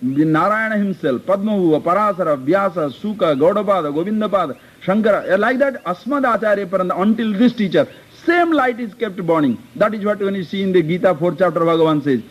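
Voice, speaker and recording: A man's voice: sits high, lively intonation, a little fast. A man, a spiritual teacher, giving an earnest discourse on scripture and telling stories to illustrate it, often addressing his listeners as sir. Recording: dull lo-fi lecture tape.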